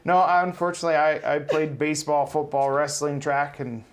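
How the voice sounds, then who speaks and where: A man's voice: on the high side, flat delivery, a little fast, slight background noise. A man in his forties from South Dakota, a hospital CEO talking in a casual interview in an upbeat, humble way.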